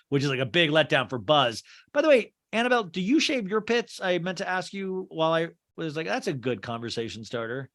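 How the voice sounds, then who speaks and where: Male podcast host, lively pitch, bright tone, playful recapper who slips into voices. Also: fairly quick. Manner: animated, does funny character voices. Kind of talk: casual movie recap with acted quotes.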